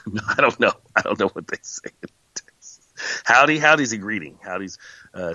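A man's voice: lowish voice, expressive, fairly quick, sharp tone, no echo, highs cut off. A tired man hosting a podcast, rambling and joking loosely as he signs off, swearing now and then. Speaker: podcast host. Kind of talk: rambling casual sign-off.

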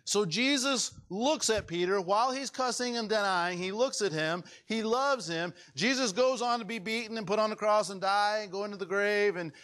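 Pastor, male, fairly high voice; dramatic sermon delivery, rises to loud peaks and drops to near-whispers. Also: normal speed, few pauses. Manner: dramatic, swings from loud high peaks to hushed low tones; acts out quoted voices within the sermon.

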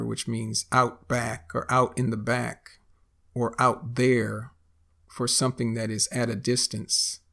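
A man teaching slang in a slow, careful, scripted podcast lesson with examples. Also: mid-range voice, creaky, fairly bright tone.

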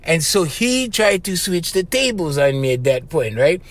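A man's voice: a little high, normal speed. A man with a Hawaiian Pidgin-tinged accent, hosting a podcast and telling stories in a loose, chatty way, often tossing in "bro" and "right?" and chuckling. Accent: Hawaiian Pidgin-tinged English. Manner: animated, chatty, keeps saying "bro" and "right?", laughs between lines. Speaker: podcast host. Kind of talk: casual storytelling monologue.

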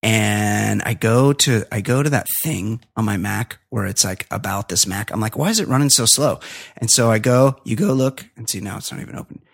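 A man's voice: fairly low pitch, normal speed, creaky, few pauses. A man hosting a podcast, chatting casually in long, rambling, profane rants. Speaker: podcast host.

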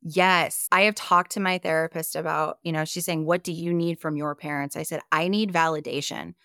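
A woman's voice: deep voice, fairly even intonation, normal speed, fairly bright tone, smooth, dry recording, clean studio sound. A woman from Iowa, a podcast guest, telling her personal story in a candid, emphatic way and swearing freely.

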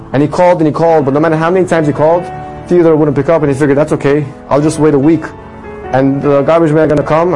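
A man telling a religious story with a moral in an animated sermon style, his voice rising for the dramatic lines. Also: fairly high pitch, low-quality recording. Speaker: storyteller teaching a religious lesson.

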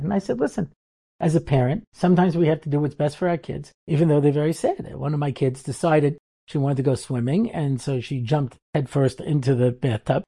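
Mellow, husky-voiced rabbi telling stories. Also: male voice, fairly high pitch, brisk. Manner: animated, acts out the people in his stories. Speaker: rabbi and seminary teacher. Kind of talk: storytelling lecture.

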